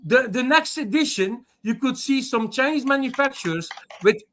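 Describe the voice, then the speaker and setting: A man's voice: very high voice, expressive, normal speed, a bit bright, slight background noise. A man from Belgium on a video call in a heated live debate, restarting his points and swearing. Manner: repetitive, restarts with "the thing is", swears. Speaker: call-in panelist.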